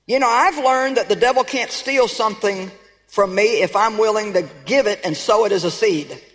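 A woman's voice: mid-range voice, moderate pace, big-room sound, rough recording. A woman preaching a sermon in an emphatic, conversational way, sometimes building to exclamations.

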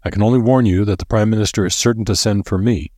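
A man's voice: on the low side, steady tone, fast, mellow, no echo, clean studio sound, voice pushed up, natural voice. A man reading as a pompous senior physician. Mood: haughty. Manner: dismissive, haughty.

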